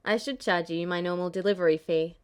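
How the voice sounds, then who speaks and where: A woman voicing a quiet, stoic young male warrior, speaking in a flat, deadpan way for a fan-fiction audiobook. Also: lowish voice, brisk, clear, resonant tone, voice pushed down, lightly acted.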